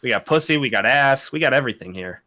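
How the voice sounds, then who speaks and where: Man, bright voice, joking, short quips, casual podcast chat. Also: medium pitch, animated, fast, no echo, clean studio sound. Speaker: podcast co-host.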